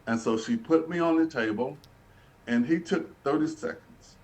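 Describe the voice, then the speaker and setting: A man's voice: a little high, moderate pace, a little mellow. A man, earnestly telling his life story as an interview guest and often repeating and restarting phrases. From Birmingham, Alabama, US. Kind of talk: personal storytelling in a sit-down interview. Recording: voice picked up from a distance.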